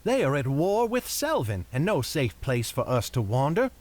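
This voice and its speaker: A man's voice: medium pitch, huge pitch swings, normal speed, darkish tone, slight background noise. A man doing a scoffing young villager. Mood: scornful.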